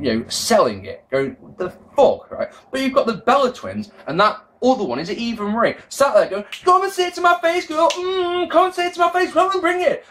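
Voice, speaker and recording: Man, casual video commentary, lively swooping pitch, slightly high voice, rambling, swears freely. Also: a little hiss or hum. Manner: animated, swings between loud outbursts and low mutters. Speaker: wrestling show reviewer.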